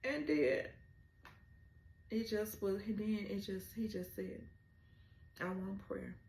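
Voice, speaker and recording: Slow-talking emotional woman recapping a show. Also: medium pitch, steady tone, vocal fry, darkish tone, echoey room. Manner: emotional, retelling scenes with rising exclamations. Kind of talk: casual episode recap.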